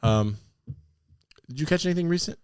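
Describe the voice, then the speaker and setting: A man's voice: on the high side, animated, normal speed, darkish tone, clear, resonant tone, no echo, clean studio sound. A man co-hosting a podcast, telling stories animatedly and laughing often. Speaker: podcast co-host. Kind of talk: casual chat.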